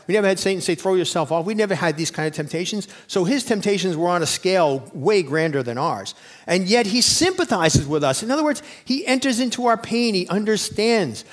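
A man's voice: a little high, expressive, brisk. A man in his forties preaching a sermon in an emphatic, conversational way, full of rhetorical questions. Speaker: pastor.

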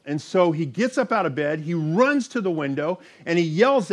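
A man preaching a sermon, reading scripture aloud and telling a story with animated delivery. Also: sits high, normal speed, hardly any pauses.

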